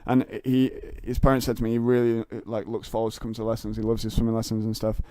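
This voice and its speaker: A man's voice: lowish voice, completely flat delivery, fast, warm tone, smooth, dry recording, clean studio sound. A young man, a comedian and podcast guest, telling rambling stories in casual chat with lots of fillers and restarts.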